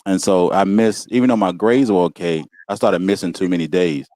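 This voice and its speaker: A man telling stories about his school days in a relaxed, casual way, often laughing and saying "you know what I'm saying". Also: low-pitched, a little fast, no room sound. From Walterboro, South Carolina. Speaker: guest. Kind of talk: casual storytelling. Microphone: video call.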